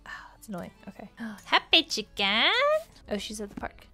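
A woman hosting a casual let's-play, chatty and excitable, gasping and reacting aloud as she plays. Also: mid-range voice, normal speed, soft background music. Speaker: gaming channel host.

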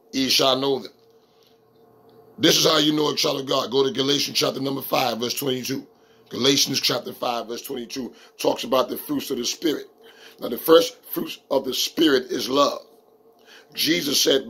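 A man preaching a sermon as a street pastor, emphatic and slowing down to read scripture verses. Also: medium pitch, fairly bright tone, husky.

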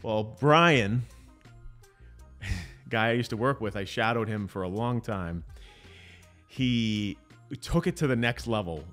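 Man, 40s, podcast co-host, casual chat, lively storyteller, faint background music. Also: lowish voice, slow, long pauses. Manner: animated storyteller, acts out quotes.

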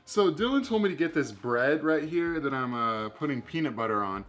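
A man's voice: medium pitch, animated, normal speed, a bit bright, faint music behind. A man in his twenties chatting casually to camera as a vlogger, playfully overdramatic and jokey. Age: 20s. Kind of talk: casual vlog chat to camera.

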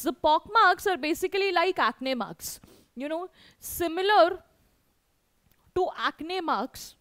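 A woman's voice: very high-pitched, animated, takes it slowly, long pauses, a bit bright, dry recording, clean studio sound. A woman teacher with an Indian English accent, explaining a story to students and repeating points with many fillers.

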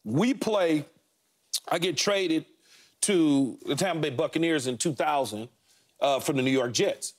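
A middle-aged man co-hosting a sports talk show, telling stories about his playing days in animated, punchy fragments with lots of repeats. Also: fairly high pitch, measured pace. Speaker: sports talk show co-host, former NFL receiver. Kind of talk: casual sports talk storytelling.

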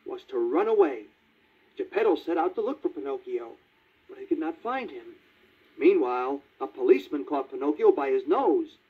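A man narrating a read-along children's storybook in a lively, child-friendly way. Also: a little high, slightly rough. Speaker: storybook reader. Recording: tinny 1950s vinyl record.

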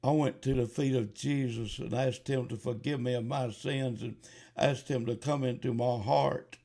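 A man preaching a fiery revival sermon, slow at first and rising to loud, fervent appeals. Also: mid-range voice, fairly even intonation, vocal fry, slightly rough. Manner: slow, building to shouted fervor.

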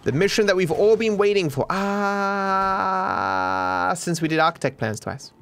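A young man from Australia giving excitable, animated gameplay commentary, with frequent swearing. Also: high-pitched, a little slow, creaky. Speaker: gaming streamer.

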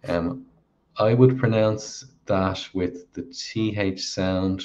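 An Irish man with a very deep voice reads viewer questions aloud at a careful pace. His manner is affable and measured. The audio is dull and lo-fi, like a live stream. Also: a little mellow. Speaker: co-host reading viewer questions. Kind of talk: casual live Q&A chat.

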